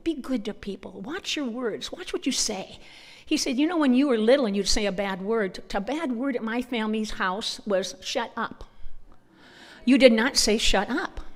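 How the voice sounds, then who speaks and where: Middle-aged lady telling church stories, does all the voices, echoey hall. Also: medium pitch. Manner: animated storyteller acting out dialogue. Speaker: conference speaker. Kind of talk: humorous church talk. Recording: long hall reverb.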